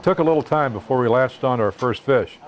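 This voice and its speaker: A man narrating a fishing trip as host, in a measured, plainspoken voice-over. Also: mid-range voice.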